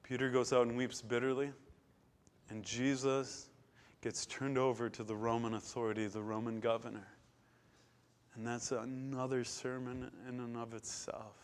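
A man's voice: medium pitch, level tone, normal speed. Man preaching a dramatic sermon. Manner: dramatic, swings from loud to hushed.

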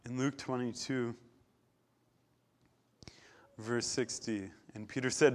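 A man preaching a sermon, retelling scripture with dramatic swings from loud declarations to hushed, quiet passages. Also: medium pitch, steady tone, unhurried, long pauses.

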